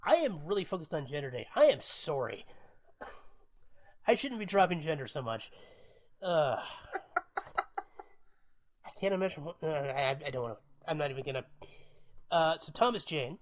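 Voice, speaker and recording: A man's voice: on the high side, animated, moderate pace, long pauses. A man co-hosting a podcast, chatting casually about films and thinking aloud with fillers. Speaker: podcast co-host. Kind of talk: casual film review chat.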